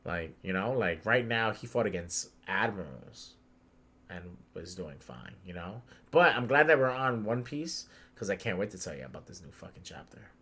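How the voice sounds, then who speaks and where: A man's voice: lowish voice, lively intonation, moderate pace, pushed and bright, husky. A young adult man hosting a podcast, retelling a story in casual chat with heavy slang and swearing. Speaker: podcast host.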